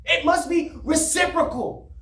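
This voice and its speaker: Emphatic man preaching, high and echoey. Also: a little slow. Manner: emphatic, often shouting, plays with pitch; mocks a flat monotone preacher for effect. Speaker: pastor. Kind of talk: sermon. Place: church sanctuary. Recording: echoey room from a distance.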